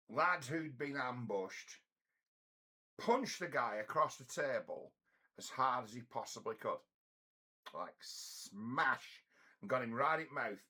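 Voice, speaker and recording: A middle-aged man rambles through a story, blunt and profane. His voice is gravelly and a little raspy, yet it carries a bright, forceful bite. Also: mid-range voice. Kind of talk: casual storytelling monologue.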